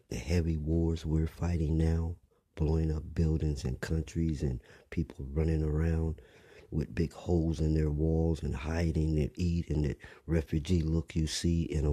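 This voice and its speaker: An older man delivering a blunt, rambling monologue, often dropping to a rough whisper. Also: very deep voice, warm tone, no echo. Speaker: commentator. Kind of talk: preachy monologue.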